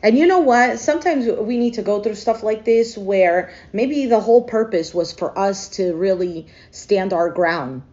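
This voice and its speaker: A woman's voice: mid-range voice, lively intonation, measured pace, few pauses, darkish tone, lo-fi sound. Woman doing a casual, emotional tarot reading. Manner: emotional, thinks aloud with frequent hesitations. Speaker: tarot reader.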